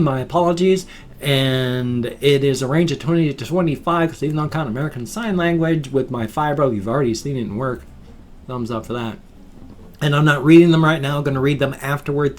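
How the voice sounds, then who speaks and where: Rambling folksy older man vlogging. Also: mid-range voice. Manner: rambling, folksy, trailing off softly at line ends. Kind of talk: casual vlog monologue.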